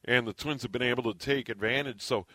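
Measured male sports radio voice. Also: mid-range voice, bright, forceful tone, dry recording. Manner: measured, analytical. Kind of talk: sports commentary chat.

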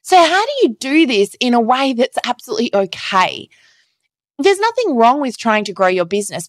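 A woman hosts her own podcast and tells stories with lots of animation, acting out the messages she quotes. Her fairly high voice swings all over its range. The sound is close and dry, with no room around it. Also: no room sound. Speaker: podcast host. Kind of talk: solo podcast monologue.

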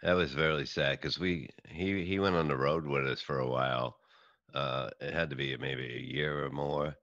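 A middle-aged New man with an extremely low voice that still has a sharp, forceful edge. He tells stories in a rambling, halting way, restarting his sentences often. The recording is dry and a little muffled. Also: steady tone, no room sound. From New York. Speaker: comedian and podcast guest. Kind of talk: casual interview chat.

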